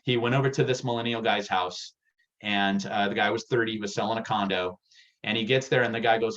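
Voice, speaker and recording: A man giving a real estate sales workshop, energetic and direct, getting worked up as he talks. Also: on the low side, fast, dull audio. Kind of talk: workshop presentation.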